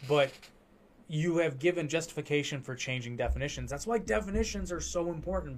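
A man's voice: medium pitch, a little hiss or hum. A man hosting a podcast, ranting heatedly and with a lot of profanity during a casual political chat. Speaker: podcast host.

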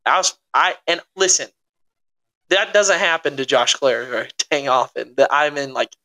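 A young man co-hosts a casual podcast and tells his story with dramatic, animated energy. His voice sounds bright and forward. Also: on the high side, moderate pace. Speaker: podcast co-host. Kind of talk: casual chat.

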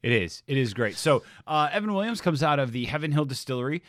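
A man's voice: on the high side, very animated, quick pace, fairly bright tone, no echo, clean studio sound. A man co-hosting a podcast in casual chat, laid-back and swearing freely. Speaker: podcast co-host.

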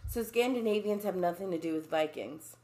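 A woman's voice: on the low side, brisk, mellow. A young woman co-hosting a casual chat podcast, joking and blunt with plenty of swing in her delivery. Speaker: podcast co-host.

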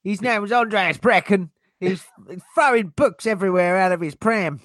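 A man's voice: sits high, moderate pace, fairly bright tone, no echo. Jokey British man in a dry room. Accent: British English. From Britain. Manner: jokey and teasing. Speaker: co-host of a crypto live stream. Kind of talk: casual live-stream chat.

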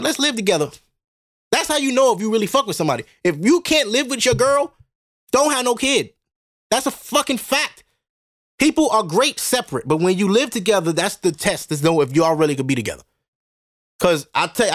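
Blunt, high-voiced man ranting on a podcast. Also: no echo, studio quality. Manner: blunt, profane, animated; laughs often, talks to listeners directly. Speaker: podcast host. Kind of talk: casual solo podcast rant.

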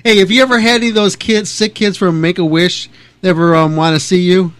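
A male radio host playing the straight man in a comedic interview, asking probing questions deadpan. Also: high voice, a little fast, dry recording.

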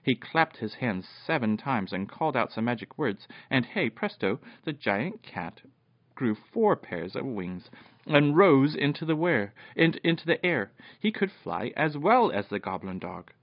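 A father reading a children's storybook aloud at bedtime, animated, with occasional slips and restarts. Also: medium pitch, a little slow, no echo. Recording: dull, dry lo-fi home recording.

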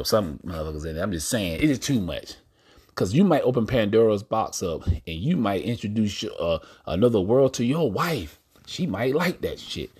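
A man with a very low voice hosts his own podcast, holding forth alone in a loose, rambling monologue. He speaks bluntly and swears freely, turning often to address his listeners directly. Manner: blunt, profane, preachy asides to listeners. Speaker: podcast host. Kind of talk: casual monologue.

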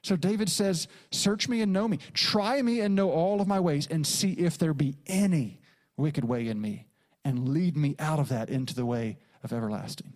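A man's voice: a little high, moderate pace, a little mellow. A middle-aged man preaching a sermon as a pastor, driving his points home with repeated phrases and acting out quoted lines. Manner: preaching with emphatic repetition and dramatic quoted asides.

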